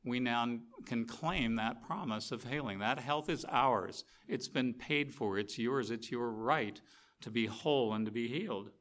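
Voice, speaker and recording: A middle-aged man preaching a sermon, telling a story with lively, animated energy and acting out the quotes. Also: mid-range voice, measured pace.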